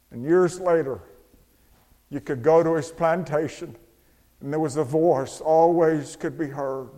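A man preaching a sermon, moving from hushed, slow storytelling to soaring, shouted proclamation. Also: on the high side. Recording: long hall reverb.

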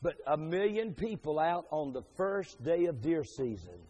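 A man's voice: on the high side, very animated, normal speed. Emphatic man preaching a sermon. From Pennsylvania, USA. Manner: preaching with big swings from hushed asides to loud emphatic peaks. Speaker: pastor.

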